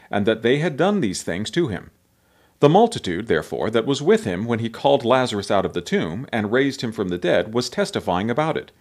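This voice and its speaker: Expressive male scripture reader. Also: lowish voice.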